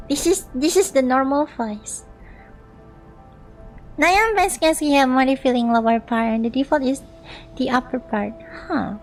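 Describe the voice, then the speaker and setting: A woman's voice: high-pitched, rough recording. A young woman streaming a game, reading its dialogue aloud expressively with playful, giggly asides.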